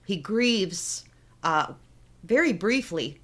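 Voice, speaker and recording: A woman co-hosting a podcast, casually retelling a film plot as an animated storyteller. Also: mid-range voice, slow. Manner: animated storyteller, laughs often. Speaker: podcast co-host.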